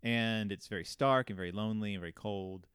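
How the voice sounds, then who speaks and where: A man hosting a casual book discussion, animated and quick to act out quotes. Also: fairly low pitch, clear, resonant tone, no room sound, studio quality. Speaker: podcast host.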